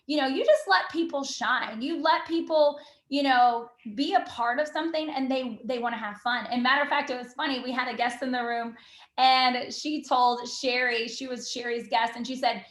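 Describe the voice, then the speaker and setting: A woman giving an enthusiastic motivational talk on a team call, bubbly and quick, full of "you know" and "literally". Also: sits high, echoey room. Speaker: team call guest speaker.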